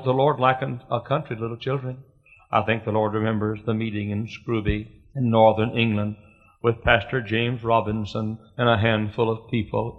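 A man preaching a sermon, storytelling with rising passion and shouted refrains. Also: medium pitch. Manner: impassioned preaching, swelling to shouts. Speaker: pastor. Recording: dull lo-fi sermon recording.

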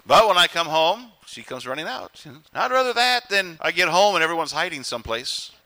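A man delivers a sermon from the pulpit with a bright, ringing tone. His voice sits a touch high for a man. He is animated and acts out short voices to drive his points home. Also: fairly quick. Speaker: pastor.

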